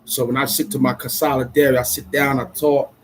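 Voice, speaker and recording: An adult man from Brooklyn, chatting casually on a livestream in an excitable, rambling way full of street slang. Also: medium pitch, brisk, background noise. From Brooklyn, New York. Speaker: vlogger.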